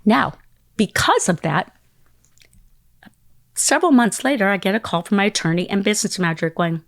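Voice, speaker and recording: Woman, middle-aged, interview guest, storytelling, acts out other voices, slightly low voice, dry close sound. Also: animated, normal speed, fairly bright tone, no room sound. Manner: acts out quoted voices and phone calls, dropping into whispers. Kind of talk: animated storytelling.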